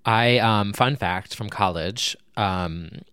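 Smooth low-voiced man with wry asides. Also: slow, a bit bright, dry recording, studio quality. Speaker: podcast co-host. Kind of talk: casual music review chat.

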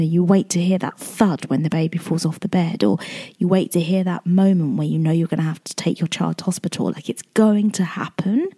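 Mellow-voiced woman chatting emotionally. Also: fairly low pitch, husky. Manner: emotional, rambling, many fillers and restarts. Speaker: podcast host. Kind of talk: casual personal chat.

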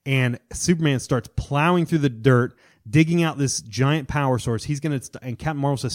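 A man in his thirties co-hosting a casual podcast, retelling comic storylines with enthusiasm and quick quoted voices. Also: mid-range voice. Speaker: podcast co-host. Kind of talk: casual chat.

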